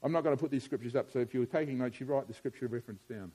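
A middle-aged man preaching a sermon, moving from quiet musing to loud, emphatic preaching. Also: mid-range voice, rapid-fire, husky.

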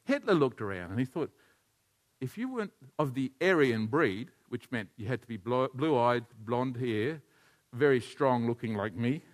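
A man preaching a sermon as a pastor, animated and leading his congregation in call-and-response. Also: mid-range voice, normal speed.

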